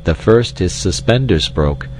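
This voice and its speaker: A man voicing a pompous, polite male insect hero, with a high, fussy, pleading voice. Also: lively intonation, measured pace, a little hiss or hum, low-quality recording. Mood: proud.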